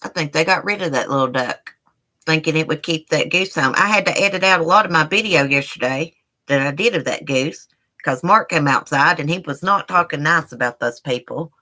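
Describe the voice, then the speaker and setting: A woman hosts a casual live stream from her home, rambling from one story to the next and calling her viewers y'all. Her voice sits low, and her tone has a bright, forceful edge. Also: a little fast. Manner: chatty, rambling, addresses chat as y'all. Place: indoors at home.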